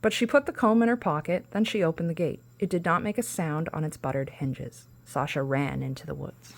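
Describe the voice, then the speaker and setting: Low, gravelly woman reading a storybook. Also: a little fast, a little hiss or hum. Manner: storybook narration with casual asides. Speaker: podcast host. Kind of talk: reading a children's storybook aloud.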